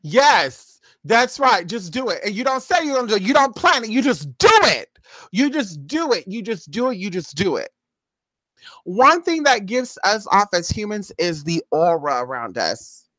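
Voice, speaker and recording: Woman, casual vlog storytelling, gossipy, very lively pitch, mimics other voices, dry close recording. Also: normal speed, dry recording. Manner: animated, acts out other people's voices, addresses viewer as "girl" and "honey". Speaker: spiritual reader and vlogger.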